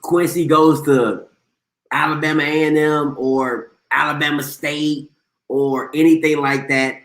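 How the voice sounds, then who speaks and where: A man's voice: a little high, level tone, unhurried, fairly bright tone, echoey room. A man hosting a live sports talk show, talking in an emphatic, slangy way and repeating himself for effect. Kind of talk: casual sports commentary.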